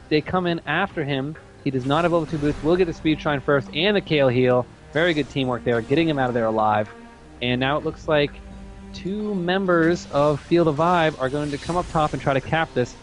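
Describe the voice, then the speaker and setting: A man giving steady play-by-play commentary on a competitive video game match. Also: on the high side. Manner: rapid, steady play-by-play calling. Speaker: esports commentator.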